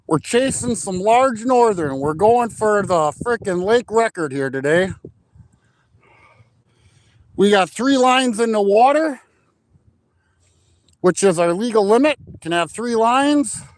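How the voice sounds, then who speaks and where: Upbeat high-voiced man outdoors. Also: expressive, slow pace, pauses often. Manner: upbeat, greets chat viewers by name. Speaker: livestream host. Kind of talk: casual live-stream chat. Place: outdoors on a frozen lake. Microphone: phone mic without plugged-in mic, wind noise.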